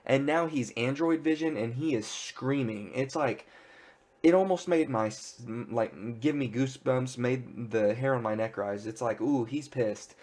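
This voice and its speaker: A man casually retelling a TV episode in an excited, rambling way, full of filler words. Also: medium pitch, unhurried. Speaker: pop culture reviewer. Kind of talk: casual spoiler recap.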